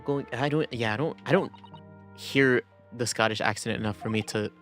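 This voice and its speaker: A male streamer chatting loosely over his playthrough, full of fillers and restarts. His voice sits at a middling pitch. Soft background music plays under the talk. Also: normal speed. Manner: rambling, filler-heavy. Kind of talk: casual gaming stream chat.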